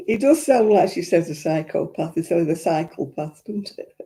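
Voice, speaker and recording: A woman's voice: medium pitch, warm tone. An older woman with a Lancashire accent hosting a crafting livestream, chatting casually and rambling through viewer comments with frequent chuckles. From Royton, North West England.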